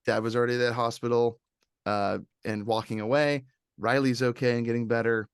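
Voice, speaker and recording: Male podcast host, rambling and excitable, dry close sound. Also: mid-range voice, a little fast, smooth, dry recording. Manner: animated and rambling, with many fillers. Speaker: podcast host reviewing films. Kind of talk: casual chat.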